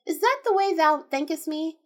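A woman's voice: very high-pitched, lively intonation, normal speed, voice pushed up. A woman voicing a fearless, naive young man who cannot learn to shudder, sounding cheerful and unbothered. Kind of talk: storybook reading.

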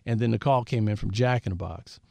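A man's voice: on the low side, brisk, creaky, dry recording. A man in his fifties from Southern California, a guest telling stories in an interview and acting out what people said. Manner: animated storyteller who acts out quoted dialogue. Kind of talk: storytelling interview.

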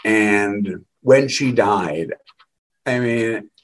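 A middle-aged male guest with a lowish voice tells candid stories extremely slowly, and the audio quality is poor. His conversational storytelling rambles, punctuated by wry laughter.

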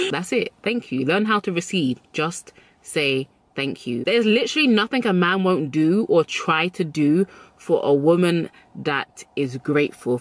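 A woman vlogger gives casual advice to camera in a lowish voice, chatty and emphatic, often repeating her key phrases. The recording is dry.

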